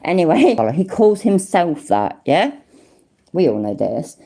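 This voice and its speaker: Low-voiced sweary Midlands woman. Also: sing-song, unhurried, creaky, mellow, husky. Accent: English Midlands. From English Midlands. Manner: sweary, sarcastic, rambling. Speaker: streamer. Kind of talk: casual livestream commentary.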